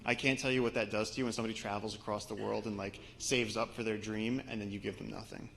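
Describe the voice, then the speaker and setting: A man from Brooklyn, an expedition guide, telling a lively story to a live audience with slides. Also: on the low side, fast, vocal fry, slight background noise. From Brooklyn, New York. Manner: animated storyteller, voice rising as the story builds. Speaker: expedition guide giving a talk.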